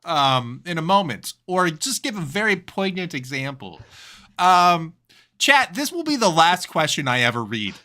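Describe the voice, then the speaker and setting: A man's voice: on the high side, big pitch swings, a little slow, pushed and bright. A man hosting a comedy game show with a playful, exasperated manner.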